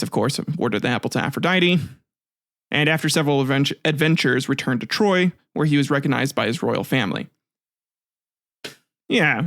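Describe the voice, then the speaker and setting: A man's voice: on the high side, a bit bright, dry recording, clean studio sound. A man hosting a casual history podcast, retelling myths with crude jokey asides and frequent laughs. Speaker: podcast host.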